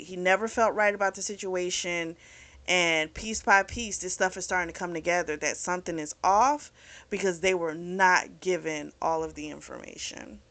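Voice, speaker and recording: A woman's voice: mid-range voice, moderate pace, fairly bright tone, no room sound. Casual woman, book-club host, retells plot in a chatty way, dry close mic. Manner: chatty, retells scenes with quoted lines. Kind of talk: casual book review recap.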